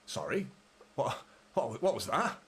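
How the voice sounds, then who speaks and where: A man's voice: mid-range voice, wildly swooping pitch, a little slow, fairly bright tone, slight background noise. A young man hosting a live football watchalong, commentating with frustration, swearing and talking to his viewers. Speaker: fan channel host.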